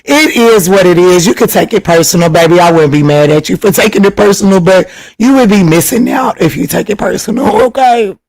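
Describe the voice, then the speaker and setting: A man hosting a tarot livestream, chatting casually and teasingly with viewers while reading their comments, laughing often and jumping up in pitch when excited. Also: brisk, creaky, hardly any pauses, rough recording. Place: home livestream.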